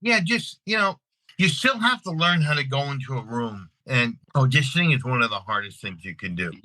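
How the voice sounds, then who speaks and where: A middle-aged man from Long Island with a New York accent, an actor telling stories in a casual interview, animated and repeating his words as he acts out scenes. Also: medium pitch, fairly quick, no room sound, poor audio. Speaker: actor and guest.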